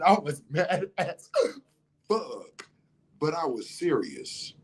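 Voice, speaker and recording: A man holding forth in an impassioned monologue, swearing freely and leaning hard on his words. He shifts between calm explaining and loud, heated shouting. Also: on the high side, slow pace, pauses often, slightly rough. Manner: profane, emphatic, rising to shouts. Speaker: monologue speaker.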